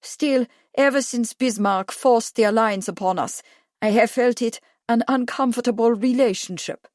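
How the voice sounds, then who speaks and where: A woman reading the lines of a suave, monocled aristocratic count in a measured, smooth way. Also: fairly high pitch, a little mellow, dry recording, studio quality, voice pushed up, natural voice.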